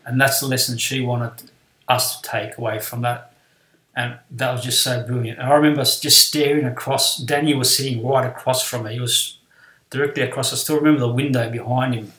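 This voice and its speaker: A man's voice: mid-range voice, brisk. Man telling a school story, echoey room. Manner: animated retelling, acting out voices of classmates and teacher. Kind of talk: personal anecdote.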